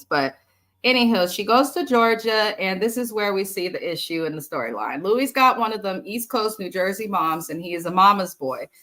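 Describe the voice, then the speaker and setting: A woman's voice: lowish voice, fairly bright tone. A woman hosting a casual live recap of a reality TV episode. She talks straight to her viewers, blunt, opinionated and full of swearing. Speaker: host of a reality TV recap channel.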